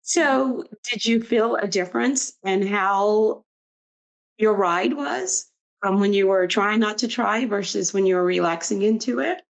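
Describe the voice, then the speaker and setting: A woman's voice: mid-range voice, measured pace, creaky, low-quality recording. A woman co-hosting a podcast in casual chat, curious and asking follow-up questions. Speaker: podcast co-host.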